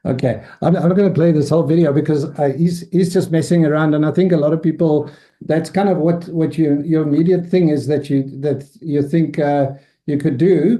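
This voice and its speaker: A man's voice: a little high, mellow. A man hosting a weekly AI business webinar, giving a loose, unscripted walkthrough of screens as he talks. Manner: loose, unscripted delivery that walks through screens on the fly. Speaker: host of a weekly AI business meetup. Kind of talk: informal webinar presentation.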